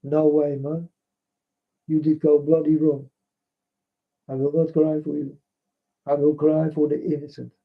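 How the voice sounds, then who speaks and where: A man's voice: fairly high pitch, little pitch movement, a little slow, creaky, pauses often. A man whose first language is Dutch, speaking in an earnest, repetitive monologue and often addressing listeners as folks. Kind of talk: impassioned spoken monologue. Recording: dull lo-fi recording.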